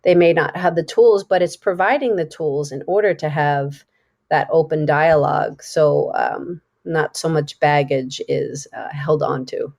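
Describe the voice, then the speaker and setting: A middle-aged woman hosting a relaxed live interview, chatting and laughing often. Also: deep voice, measured pace, creaky. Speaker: host. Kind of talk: casual live interview chat.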